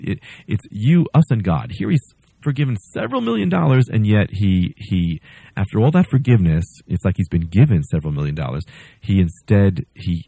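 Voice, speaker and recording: Husky warm-voiced male preacher. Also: fairly low pitch, dry recording. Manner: conversational, acts out story voices, frequent restarts. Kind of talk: sermon.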